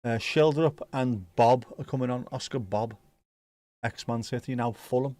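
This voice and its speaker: A man's voice: mid-range voice, moderate pace, warm tone, no echo. A man hosting a football watch-along stream, chatting casually and joking as he reads viewer comments.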